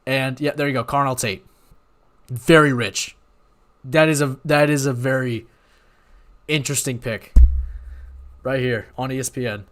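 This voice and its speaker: Young man, live-stream host, rambling, excitable, apologetic, mid-pitched voice. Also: normal speed, long pauses. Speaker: watch party host. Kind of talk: live-stream reaction chat.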